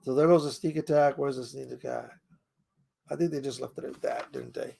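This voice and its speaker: A man's voice: mid-range voice, steady tone, a little fast, gravelly, mellow, slightly rough. A man hosting a casual tabletop game tutorial, explaining the rules in a rambling way and chuckling often. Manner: rambling, chuckles often, trails off while searching.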